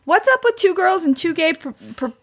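A woman co-hosting a podcast in relaxed, casual chat. She reads out bits of news and tosses questions to her partner in a high-pitched voice. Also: normal speed. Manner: chatty, giggly, asks questions. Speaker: podcast co-host.

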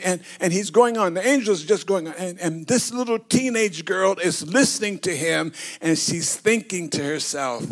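A man's voice: high-pitched, moderate pace. A man preaching a sermon as bishop. He tells the scripture as a story, acting it out and leading the congregation in call and response.

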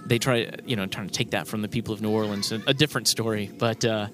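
A man's voice: lowish voice, fairly even intonation, quick pace, fairly bright tone. Rambling man, guest, full of ums. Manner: rambling, hesitant, heavy on "uh" and "um". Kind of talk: casual chat.

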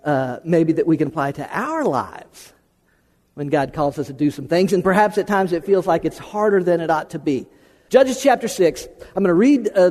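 High-voiced folksy American preacher. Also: male voice, darkish tone, in a large hall. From United States. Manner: folksy, conversational, repeats phrases for emphasis. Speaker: pastor. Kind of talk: sermon.

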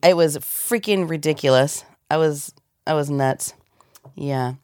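A woman's voice: deep voice, unhurried, darkish tone, dry recording. A woman voice actor with a cold, chatting animatedly in an interview and laughing often. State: has a cold. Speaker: voice actor guest. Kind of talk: casual interview chat.

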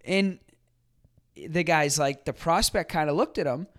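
A man's voice: a little high, a little slow, a bit bright. Man hosting a sales podcast. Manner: conversational, many fillers and restarts; acts out quoted people in a livelier voice. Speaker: podcast host. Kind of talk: casual solo commentary.

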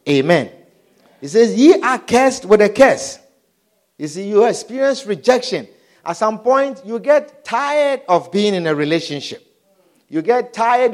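Lively high-voiced male preacher. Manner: animated, repeatedly asks "Do you understand?". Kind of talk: sermon.

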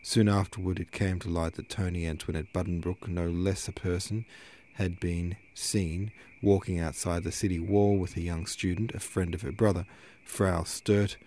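A man narrating a classic novel aloud in a measured reading, now and then correcting a slip. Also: low voice, little pitch movement, mellow, a little hiss or hum. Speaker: audiobook narrator.

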